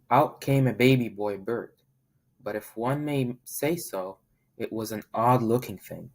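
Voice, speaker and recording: A man reading a children's picture book aloud as a volunteer, in a friendly, steady manner. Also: on the low side. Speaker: volunteer storybook reader.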